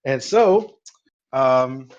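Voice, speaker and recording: A man's voice: mid-range voice, lively intonation, very slow. Guy running a tabletop game, rambly and casual, fillers everywhere, kinda dull lo-fi sound. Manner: loose, rambling narration with many fillers. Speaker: game master.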